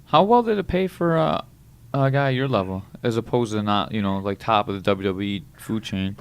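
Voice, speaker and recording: A man's voice: lowish voice, animated, moderate pace, clear, resonant tone. A man hosting a podcast who laughs often and reacts in short remarks. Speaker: podcast host. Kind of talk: casual chat.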